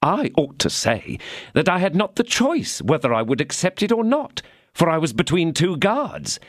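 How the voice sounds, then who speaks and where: A man's voice: a little high, big pitch swings, normal speed, no echo, studio quality, pitched above the performer's own voice. A man doing a pompous, greedy old mercer. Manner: pompous, parroting grand phrases. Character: middle-aged mercer, greedy, cowardly, pompous.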